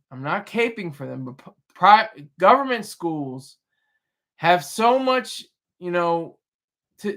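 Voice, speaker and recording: A man's voice: high voice, sharp tone. A man hosting a casual livestream, rambling through his thoughts with restarts and chatting with viewers. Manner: rambling, restarts, chuckles at chat. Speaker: livestream host reading chat.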